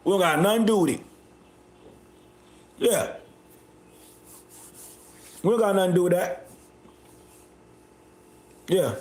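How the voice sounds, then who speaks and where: A man hosting a livestream, ranting at his chat in a loud, confrontational, repetitive way. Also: high voice, slow pace, long pauses, echoey room. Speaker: livestream host. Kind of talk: live stream rant reacting to chat.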